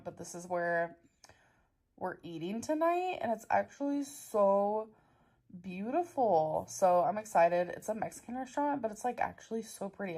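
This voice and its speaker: A woman's voice: on the low side, creaky. A woman around thirty chatting to camera in a casual vlog, upbeat and talkative. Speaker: vlogger. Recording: clip with steady background noise.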